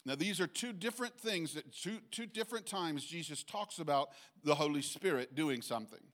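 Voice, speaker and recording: A man preaching a sermon in a conversational way, reading scripture slowly and checking in with his listeners. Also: on the high side. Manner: bursts into loud acted shouts when quoting. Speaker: pastor. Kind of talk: sermon teaching.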